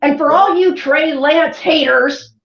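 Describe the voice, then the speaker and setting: A woman's voice: high-pitched, takes it slowly, vocal fry. Woman going off about her team, cusses a lot, muffled lo-fi sound. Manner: blunt, profane ranting. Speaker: podcast co-host. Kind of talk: casual sports chat. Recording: echoey, dull, lo-fi sound.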